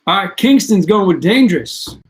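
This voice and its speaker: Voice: medium pitch, big pitch swings, moderate pace. A parent hosting a casual online quiz stream for students, chatting and reading out players' answers and scores. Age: adult parent.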